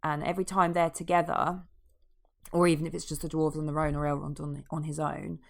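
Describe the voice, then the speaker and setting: A deep-voiced woman co-hosts a casual podcast chat. She rambles with enthusiasm, drops half-finished sentences and circles back to her point. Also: level tone, brisk, creaky. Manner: chatty, enthusiastic, trailing off mid-sentence. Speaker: podcast co-host.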